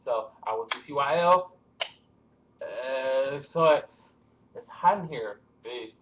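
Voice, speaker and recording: A man's voice: medium pitch, expressive, takes it slowly. A young man rambling through celebrity gossip in a casual vlog, with nervous laughter, recorded with dull lo-fi webcam sound in a room at home. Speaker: vlogger.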